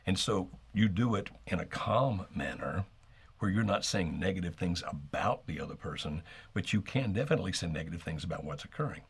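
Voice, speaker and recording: A man co-hosting a live call-in marriage advice show, calmly explaining what to do and acting out sample lines. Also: low-pitched, brisk, vocal fry, slightly rough. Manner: calm, explanatory, acts out sample dialogue. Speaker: marriage coach co-host.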